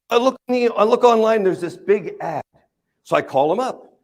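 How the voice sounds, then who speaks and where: A keynote speaker with a high voice talks at normal speed with long pauses, telling a funny personal story on a conference stage. Animated and joking, he often asks the live audience questions.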